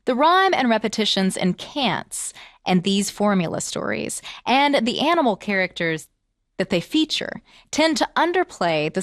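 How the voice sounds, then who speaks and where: A woman teaching and reading children's stories aloud, expressive and asking the listeners questions. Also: mid-range voice, no echo, studio quality. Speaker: storyteller teacher. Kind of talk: children's story reading and lesson.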